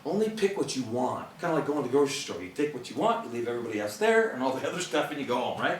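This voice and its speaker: A man's voice: medium pitch, very animated, very fast, recorded from a distance, slight background noise. A middle-aged man giving an earnest, conversational motivational talk to an audience, laughing often. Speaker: motivational speaker. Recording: echoey room, speaker away from the mic.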